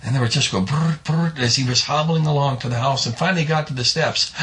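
A man telling a homespun story in a folksy, unhurried way, with a voice of middle pitch. He stretches out words and throws in spoken sound effects. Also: fairly bright tone.

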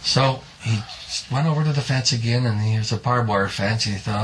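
A man telling a folksy story in a drawn-out, homespun way, adding spoken sound effects. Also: mid-range voice, fairly bright tone, slight background noise.

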